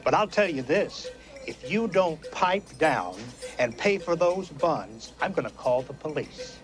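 An actor playing a calm but firm supermarket assistant manager in a film scene. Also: male voice, fairly high pitch. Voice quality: measured, firm. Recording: film soundtrack with music.

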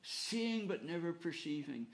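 Earnest male preacher, slightly high voice. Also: sing-song, measured pace. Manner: earnest, repeats phrases for emphasis, rising and falling loudness. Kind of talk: sermon.

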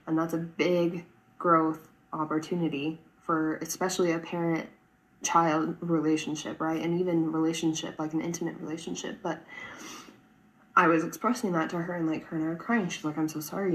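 A woman's voice: sits low, flat delivery, moderate pace, low-quality recording. A woman in her twenties talking earnestly to camera in a personal vlog, rambling, with frequent "like" and "right?". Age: 20s. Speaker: vlogger.

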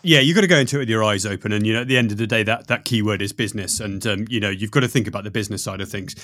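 A middle-aged man from the United Kingdom, a coach chatting as a podcast guest, talking fast with lots of restarts and fillers. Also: fairly low pitch, a bit bright. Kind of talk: casual podcast conversation.

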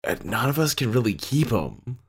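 A man's voice: mid-range voice, very animated, normal speed, husky. A man from Canada co-hosting a podcast, chatting casually and rambling with lots of fillers. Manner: laid-back, rambling with many fillers. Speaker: podcast co-host. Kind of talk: casual chat.

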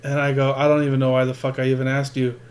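A man's voice: mid-range voice, completely flat delivery, fast talker, a little mellow. Profane rambling man telling stories. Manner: profane, rambling, restarts a lot. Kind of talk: crude casual storytelling chat.

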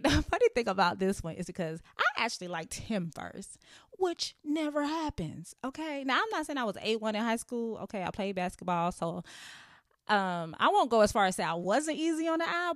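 A woman's voice: fairly high pitch, lively intonation, normal speed, no room sound, studio quality. A woman in her thirties hosting a podcast, telling her own story in a candid, playful way and laughing often. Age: 30s. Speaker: podcast host. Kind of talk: casual storytelling monologue.

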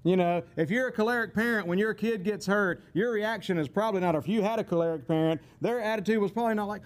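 A man's voice: high-pitched, fast talker, hardly any pauses. A man giving a casual, folksy teaching talk, rambling with chuckling asides. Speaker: teacher on temperaments.

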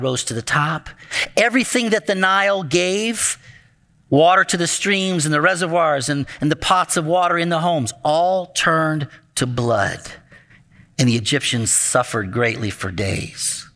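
A man preaching as a pastor, telling a Bible story with lively acted-out lines and speaking directly to the children in the congregation. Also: on the high side. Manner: animated, acts out the story voices, talks to the children. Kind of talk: sermon storytelling.

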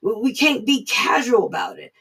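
A woman preaches an informal online devotional with earnest, repetitive conversational emphasis. Her voice sits somewhat high, and she sounds set back from the microphone. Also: lively intonation, normal speed, fairly bright tone, breathy edge, recorded from a distance, low-quality recording. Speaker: devotional speaker.

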